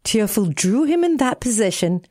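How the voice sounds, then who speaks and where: A woman radio presenter narrating a children's story in a slow, gentle, expressive reading. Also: fairly high pitch, a little hiss or hum.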